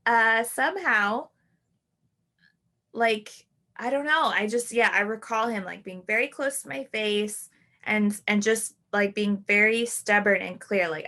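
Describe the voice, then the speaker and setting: A woman in her thirties hosting a podcast, reflecting on a personal story in a halting way, full of "like" and restarts. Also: medium pitch, bright, forceful tone. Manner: halting, full of "like" and self-corrections. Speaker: podcast host.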